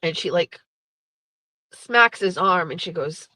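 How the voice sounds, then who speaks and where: A woman's voice: fairly low pitch, lively intonation, slow pace, sharp tone, no room sound, poor audio. A woman host in her thirties, candidly telling a personal story with blunt, profane, emotional language. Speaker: podcast host.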